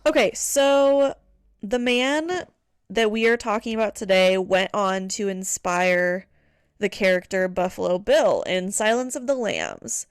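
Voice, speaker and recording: This podcast co-host sounds animated yet unhurried, her medium-pitched voice smooth in a dry, clean studio recording. The talk is a casual chat full of fillers, with a curse slipping in now and then.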